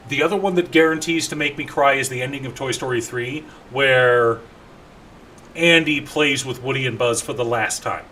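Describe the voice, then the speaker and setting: A man live streaming a game, chatting casually and animatedly with his viewers between quick asides. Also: medium pitch, bright, forceful tone, slight background noise. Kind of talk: casual live-stream chat while gaming.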